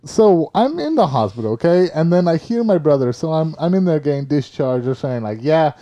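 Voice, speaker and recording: Casual storyteller, male, very dark mellow tone, muffled lo-fi sound, animated delivery. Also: on the high side, a little fast. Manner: animated, acts out other people's lines. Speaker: storyteller recounting a car crash.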